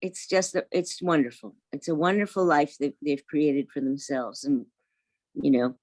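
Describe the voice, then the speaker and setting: An older woman from Brooklyn with a Brooklyn accent, a voice actress chatting casually in an interview, lively and quick to laugh. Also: low voice, no room sound, studio quality. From Brooklyn, New York. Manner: lively, laughs often, self-deprecating. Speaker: voice actress guest.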